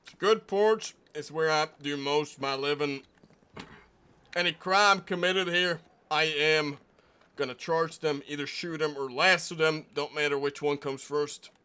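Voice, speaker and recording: A man playing a fussy male deputy marshal in a western roleplay game, laying down rules in a slow, officious way. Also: on the high side, pushed and bright, clear, resonant tone, pitched above the performer's own voice. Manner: officious, drawn-out rule-laying.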